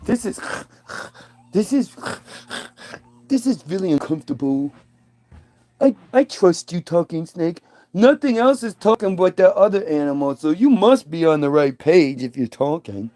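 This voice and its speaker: A bratty first woman, giddy with new cleverness, talks in a high, sassy, exasperated voice, as a male comedian does her. Her lines rise and swoop with mock outrage. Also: big pitch swings, a little slow, pauses often, mellow.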